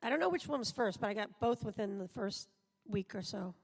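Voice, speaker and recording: A woman's voice: mid-range voice, expressive, a little fast. A woman voice actor telling rambling anecdotes at a live panel interview in a large convention auditorium. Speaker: voice actor guest. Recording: live hall sound, long reverb.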